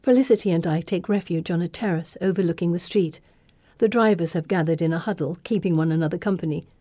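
A woman reading a first-person novel with measured, dramatic narration. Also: fairly low pitch, dark tone, dry recording. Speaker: audiobook narrator.

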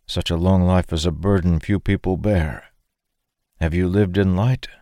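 A man voicing a kind, sorrowful aged man who speaks in a quiet, courteous way. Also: low-pitched, fairly even intonation, measured pace, no room sound, clean studio sound. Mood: gentle.

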